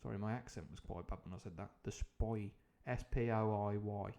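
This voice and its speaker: A man's voice: lowish voice, quick pace, creaky, darkish tone. Rambling man reading aloud with jokes. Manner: rambling and jokey, full of tangents and fillers. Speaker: streamer reading a novel aloud. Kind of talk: live book reading with comic asides.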